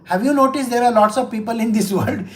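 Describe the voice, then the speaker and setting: A woman's voice: fairly high pitch, quick pace. A woman spiritual teacher explaining scripture to listeners, asking rhetorical questions, repeating phrases for emphasis and acting out small quoted exchanges. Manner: acts out little quoted exchanges.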